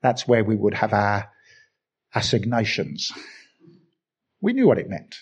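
A man's voice: lowish voice, big pitch swings, measured pace, slightly rough. An older man from England with a Birmingham accent, preaching a sermon with emphatic repetition and self-deprecating asides.

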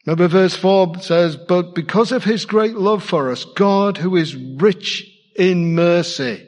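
A man's voice: high-pitched, unhurried, darkish tone, big-room sound. A man preaching a sermon in a church, conversational and asking his congregation questions. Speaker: pastor.

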